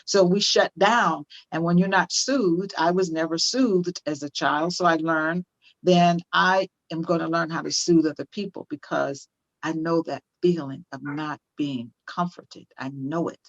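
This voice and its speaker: A woman's voice: low voice, fairly even intonation, a little slow, no echo, dull audio. An older woman speaking as a parenting guest on a video call, impassioned, repeating phrases for emphasis. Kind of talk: conversational interview, teaching.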